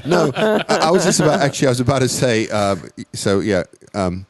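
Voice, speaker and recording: A man's voice: medium pitch, sing-song, brisk, dry recording. A middle-aged man from South Africa with a South African accent, co-hosting a podcast in a rambling, casual way that often restarts his words. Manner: rambling, repeats words when starting. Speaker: podcast co-host.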